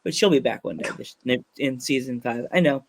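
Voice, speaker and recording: A man's voice: mid-range voice, fairly quick. A man hosting a podcast, chatting casually and rambling with jokes and laughter. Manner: rambling, joking, laughs often, animated voices in quotes. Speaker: podcast host. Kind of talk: casual interview chat.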